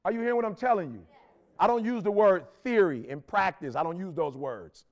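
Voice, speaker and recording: A man's voice: high-pitched, expressive, fairly quick. A middle-aged man from Detroit giving an urgent, preachy motivational speech to a live audience, slangy and repeating lines for emphasis. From Detroit, Michigan, USA. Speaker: motivational speaker.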